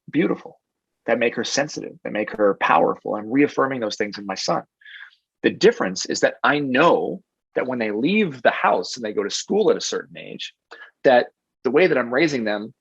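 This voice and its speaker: A man's voice: mid-range voice, husky, no room sound, muffled recording. A man in his thirties answering interview questions in an earnest, reflective way, often restarting his sentences. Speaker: guest.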